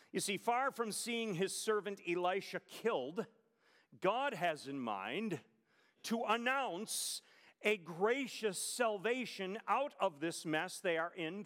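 Guy preaching a sermon, kinda high voice, lots of rhetorical questions, long echo like a big church hall. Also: a bit bright. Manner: emphatic storytelling with rhetorical questions.

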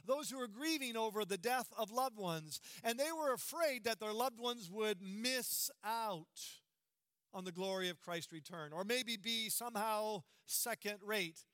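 A middle-aged man preaches with a high, bright, ringing voice. He leans hard on key words and keeps asking the congregation questions. The sound is dry and close. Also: a little slow, smooth, no room sound. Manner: emphatic, asks the congregation rhetorical questions. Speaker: pastor. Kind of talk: sermon.

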